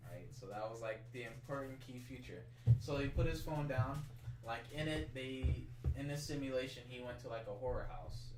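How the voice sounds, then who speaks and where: A man's voice: mid-range voice, distant mic. Male co-host, casual storyteller, rambling and profane; roomy, noisy mic. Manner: rambling, full of "like" and swearing. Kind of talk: casual chat, retelling a story.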